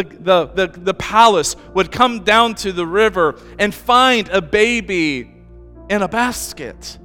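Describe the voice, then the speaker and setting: A man's voice: high-pitched, sharp tone. A man preaching a sermon as pastor, telling the story in a conversational way with asides. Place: church. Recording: reverberant church hall with faint music.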